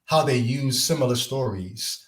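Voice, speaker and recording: A man's voice: medium pitch, a little slow, reverberant. A man hosting a casual podcast interview, reflective, asking long thoughtful questions. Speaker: podcast host.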